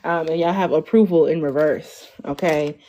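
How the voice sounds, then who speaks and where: Young woman in her twenties, tarot reader on a casual stream. Low-pitched and chatty, checks in with "okay?" constantly. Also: steady tone, normal speed, dark tone. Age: 20s. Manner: chatty, ends lines with "okay?", lots of "like" and "y'all". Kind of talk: casual tarot reading livestream.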